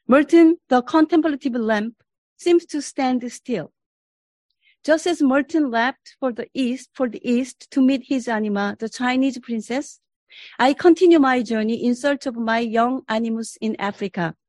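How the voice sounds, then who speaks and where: A woman's voice: on the high side, darkish tone, no echo. A woman from Korea giving a formal, reflective spiritual presentation as a professor. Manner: earnest and reflective, deliberate delivery.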